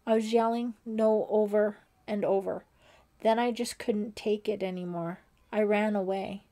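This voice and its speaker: A woman's voice: medium pitch, steady tone, unhurried, warm tone, close to an everyday voice. A woman voicing a tearful fifteen-year-old girl camper in an audiobook, emotional and pleading. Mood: upset.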